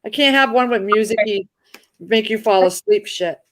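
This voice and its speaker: A woman's voice: mid-range voice, normal speed. A woman in casual chat, blunt and chatty, talking about learning on the fly.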